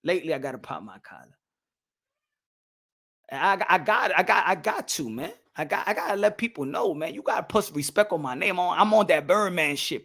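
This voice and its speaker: High-pitched gravelly guy ranting about boxing deals, swearing a ton, bright edgy voice. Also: fairly quick. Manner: loud, profane, animated, laughing often. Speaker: boxing channel host. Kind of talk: ranting reaction to viewer comments.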